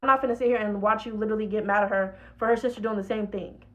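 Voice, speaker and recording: A woman's voice: mid-range voice, steady tone, racing, lo-fi sound, lightly acted. A woman acting out a blunt, confrontational uncle who scolds his family in a comedy skit. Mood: scolding. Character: bossy adult uncle, scolding and defensive.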